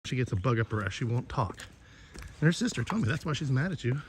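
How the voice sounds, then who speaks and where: A man talks into his phone as he strolls outdoors, loose and rambling, with plenty of swearing. His voice sits at an ordinary middle pitch. Steady background noise runs under the whole outdoor recording. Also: quick pace. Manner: rambling, profane, gossipy. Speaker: vlogger. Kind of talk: casual walking chat. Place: outdoors in a neighborhood.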